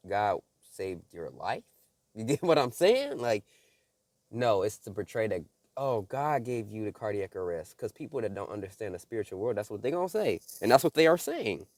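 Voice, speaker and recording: Preachy man with a low, dry voice. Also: very animated, normal speed, darkish tone, no echo. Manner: preachy, urgent, addresses viewers as y'all. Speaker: religious video creator. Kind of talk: casual spiritual commentary.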